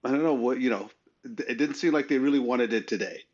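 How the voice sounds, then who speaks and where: A man's voice: mid-range voice, fast, a little mellow. Chatty man, slightly muffled audio. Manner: conversational, rising with enthusiasm, frequent "you know". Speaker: podcast co-host. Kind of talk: casual sports chat.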